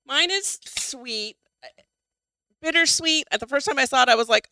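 A woman's voice: sits high, lively intonation, moderate pace, pushed and bright. A middle-aged woman co-hosting a casual chat show, talking chattily with lots of ums and the odd curse. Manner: chatty, swears freely, many ums. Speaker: podcast co-host.

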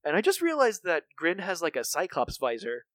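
A man's voice: on the high side, wildly swooping pitch, a little fast, fairly bright tone, no room sound. A man co-hosting a podcast, recapping a cartoon episode in a rambling, casual way with many fillers and restarts. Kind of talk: casual chat.

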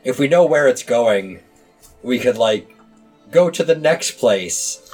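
A man chatting casually as a player in a tabletop game, animated and often restarting his sentences. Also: mid-range voice, takes it slowly, husky, soft background music.

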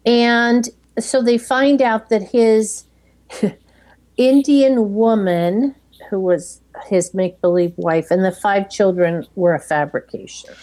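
A woman's voice: mid-range voice, steady tone, takes it slowly, dark tone. A woman chatting casually, summarizing a film's plot step by step. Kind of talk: casual chat retelling a film.

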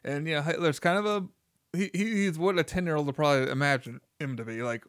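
A man talks through a film he enjoyed in an easygoing, chatty way, often quoting its lines. His voice is smooth and clear. The sound is dry and close. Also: on the high side, fast talker, dry recording. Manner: relaxed, laughs often, quotes lines from the film. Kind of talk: casual film review chat.

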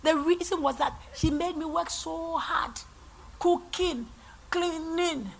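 A middle-aged woman pastor from Ghana preaches a sermon in church with a Ghanaian accent, swinging between loud and soft. Her voice is very high-pitched and gravelly, and she takes her time.

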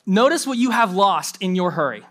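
A young adult man, a pastor, preaching a sermon with animated storytelling and mimicked voices. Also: sits high, brisk.

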